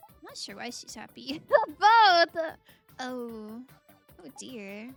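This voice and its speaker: A woman's voice: fairly high pitch, lively intonation, normal speed, creaky, a bit bright. A woman streamer giving casual, chatty commentary on a game, laughing often and reading game text aloud. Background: game music.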